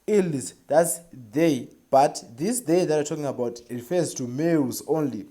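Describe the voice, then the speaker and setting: A teacher giving a beginner French lesson, repeating each phrase and checking in often with a quick "right?". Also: mid-range voice, warm tone.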